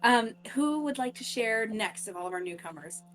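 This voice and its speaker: A woman's voice: fairly high pitch, animated, normal speed, a bit bright. A woman running a tabletop game, prompting players in a playful way. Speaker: game master.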